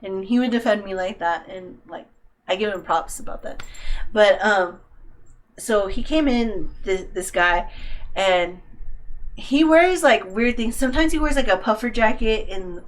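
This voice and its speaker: A young woman chats casually on a podcast, her voice sitting at an ordinary middle pitch. She tells a story with lots of swearing and acts out the lines of each person in it. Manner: animated, swearing, acts out quotes. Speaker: podcast co-host.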